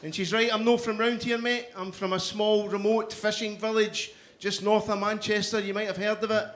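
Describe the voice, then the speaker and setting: Brief: middle-aged Glaswegian comic, high voice, punchy crowd work, faint room hum. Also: male voice, flat delivery, normal speed. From Scotland. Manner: loud, punchy crowd work with frequent "you know what I mean". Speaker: stand-up comedian. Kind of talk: stand-up comedy set. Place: comedy club stage.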